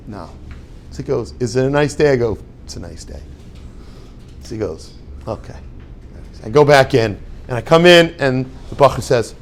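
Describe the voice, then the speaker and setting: An older man, a rabbi and yeshiva head, giving a storytelling talk and acting out the dialogue with lively voices. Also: medium pitch, vocal fry, a little hiss or hum. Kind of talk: storytelling lecture.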